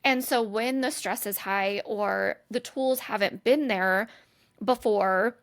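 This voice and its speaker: A woman's voice: mid-range voice, takes it slowly, a bit bright. A woman therapist hosting a podcast interview. She speaks in an earnest, thoughtful way, restarts her sentences often and checks in with "right?".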